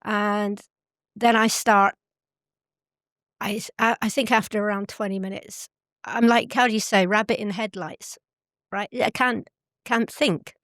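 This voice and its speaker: A middle-aged woman speaks at an ordinary pitch for her, recounting a personal story as a guest in an interview. She talks earnestly and stops now and then to hunt for the right English word. Her voice sits close and dry, with no room echo around it. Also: fairly even intonation, a bit bright. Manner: earnest, pauses to search for English words.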